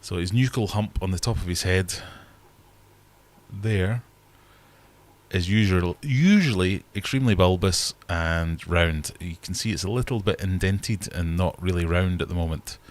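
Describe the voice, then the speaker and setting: A man's voice: sits low, a little slow. A man hosting a casual livestream from his fish room, chatting in a rambling, self-deprecating way. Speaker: livestream host and fishkeeper.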